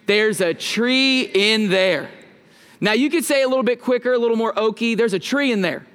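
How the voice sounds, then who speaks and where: A pastor in his thirties preaching a sermon from the front of a church. His voice is high for a man, and he keeps the tone loose and playful, joking with the congregation and asking them to answer back. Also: a bit bright. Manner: casual, joking, talks with the congregation. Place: church sanctuary.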